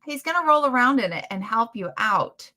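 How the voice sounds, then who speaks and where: A woman hosting a casual chat stream, telling stories in a chatty, animated way. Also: on the high side, a little fast. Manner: chatty storytelling, animated retellings. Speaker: livestream host.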